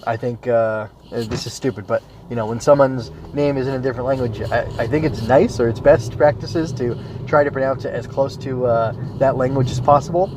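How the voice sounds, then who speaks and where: A man's voice: mid-range voice, a little mellow, a little hiss or hum. A man hosting a solo anime review podcast, talking casually and thinking aloud, drifting into tangents with lots of filler words. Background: smooth jazz music playing.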